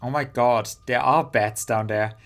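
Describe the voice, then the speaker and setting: A man's voice: mid-range voice, steady tone, measured pace, fairly bright tone. A man voicing a nervous, superstitious young woman who frets anxiously, reading a game's lines aloud. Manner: anxious, fretful.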